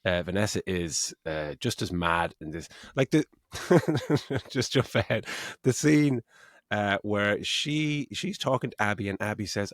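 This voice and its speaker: A man's voice: lowish voice, lively intonation, measured pace, dry recording. Sweary mocking middle-aged man, dry sound. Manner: sweary, mocking, laughing often. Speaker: podcast co-host. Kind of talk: casual film review chat.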